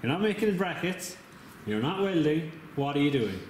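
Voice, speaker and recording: A man's voice: on the high side, very animated, normal speed, darkish tone. A man with an Irish accent bantering and teasing his friend while filming work on a car in a workshop. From Ireland. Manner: teasing, jokey, laughs often. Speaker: co-host filming the build. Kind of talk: casual banter. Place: echoey workshop garage. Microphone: handheld camera mic. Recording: echoey garage, background noise.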